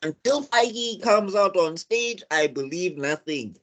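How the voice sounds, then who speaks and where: A man's voice: high-pitched, expressive, slow pace, a bit bright. Chatty South African man hosting. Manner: chatty, joking, many fillers. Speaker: podcast host. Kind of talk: casual panel chat.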